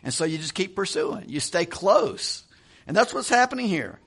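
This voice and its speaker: A man's voice: sits high, big pitch swings, normal speed, vocal fry, a bit bright, breathy edge. Chuckling middle-aged male preacher. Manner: conversational preaching with chuckles and repeated words. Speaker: pastor. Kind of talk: sermon.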